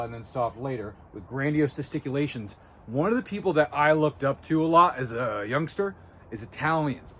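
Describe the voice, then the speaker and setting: A man talking straight to camera, coaching viewers on body language in a blunt, emphatic, intense way. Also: medium pitch. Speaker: body language video host. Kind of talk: casual direct-to-camera coaching talk.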